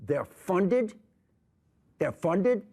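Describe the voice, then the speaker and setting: Older man, heated panel debate, repeats himself, lively rising pitch, fairly high voice. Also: drawn-out words, husky. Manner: emphatic, repetitive, jumping between thoughts. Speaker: political commentator guest. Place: TV studio with audience.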